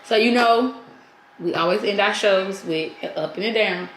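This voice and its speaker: Laughing often and voicing other people's quotes, this St. Louis podcast co-host, who has a St. Louis accent, tells stories with animation in a casual chat. She speaks in a mid-range voice at a normal speed. The sound is roomy, with slight background noise.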